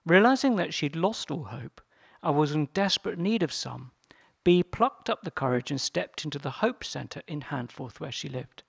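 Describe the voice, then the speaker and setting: A man presenting, reading a story aloud in a measured, earnest way. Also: on the high side, animated, gravelly, breathy edge, no echo, clean studio sound.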